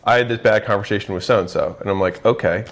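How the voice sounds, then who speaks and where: Host voice: man, lower pitch, casual explainer who slips into mock voices for the people he quotes. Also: quick pace, a little hiss or hum. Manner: animated, acts out quoted voices.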